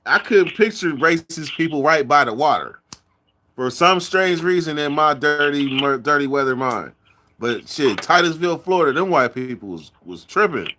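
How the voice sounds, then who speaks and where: A man from California in a casual chat, telling rambling stories with drawn-out words and lots of repeats. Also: a little high, animated, pushed and bright, slight background noise. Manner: loose storytelling, drawn-out words, repeats himself. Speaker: podcast host.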